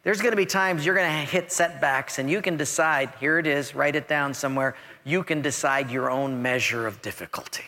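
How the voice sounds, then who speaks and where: Male pastor, high bright voice, lively storytelling preacher; long hall reverb. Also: fairly quick, few pauses. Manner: animated storyteller, acts out quoted voices with big pitch swings. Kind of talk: sermon.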